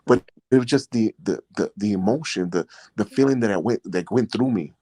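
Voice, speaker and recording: A low-voiced man, a podcast host and former prisoner, tells stories casually in a rambling manner, heavy on "you know" fillers and earnest and emotional when he recounts his experiences. He talks fairly quickly in a mellow tone, with no room sound.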